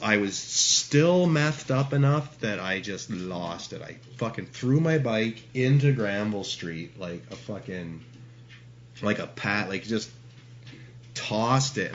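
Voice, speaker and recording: On a dull lo-fi track with faint hiss, a Canadian man in middle age, the guest in an interview, spins a rambling, offhand tale. His voice sits on the low side with a bit of brightness, and he swears frequently while laughing along.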